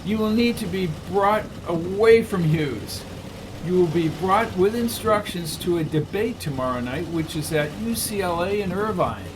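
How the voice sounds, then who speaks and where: A man voicing a formal male military colonel who speaks in a measured, official way. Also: high voice, lively intonation, background noise, voice pushed up.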